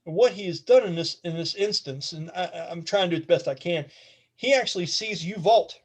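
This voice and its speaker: A man with a fairly high voice runs a tabletop game, narrating scenes in a loose, rambling way. He talks casually and lets an occasional swear slip in. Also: a little fast. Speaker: game master.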